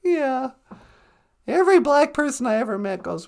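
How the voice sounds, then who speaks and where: A woman hosting a comedy podcast, chatting playfully and giggly, and slowly explaining words. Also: sits high, very animated, gravelly, darkish tone. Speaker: podcast host. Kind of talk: comedic casual chat.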